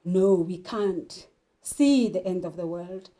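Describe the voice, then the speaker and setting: Slow-speaking woman teacher, mellow voice. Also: lowish voice. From South Africa. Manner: slow, deliberate, poses questions then answers them. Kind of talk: literature lesson.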